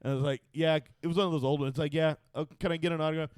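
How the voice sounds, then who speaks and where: A man hosting a podcast, telling a profane story loudly and acting out other people's voices. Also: fairly high pitch, fairly even intonation, very fast, smooth, no echo. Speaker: podcast host. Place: podcast studio.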